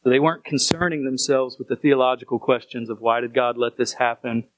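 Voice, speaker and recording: A man's voice: mid-range voice, little pitch movement, a little fast, slight background noise, rough recording. Earnest male pastor preaching a sermon. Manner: earnest, repeats phrases for emphasis.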